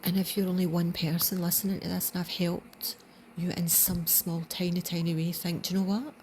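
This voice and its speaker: A woman with a Scottish accent giving an earnest spiritual reflection, dropping into soft whispers for emphasis. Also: fairly low pitch, flat delivery, brisk, a little hiss or hum. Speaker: channel host.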